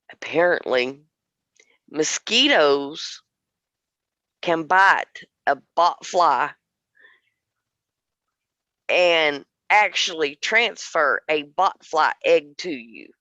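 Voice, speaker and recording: A woman co-hosting a casual podcast chat, animated and laughing often, with restarts as she thinks aloud. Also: deep voice, no room sound, dull audio. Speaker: podcast co-host.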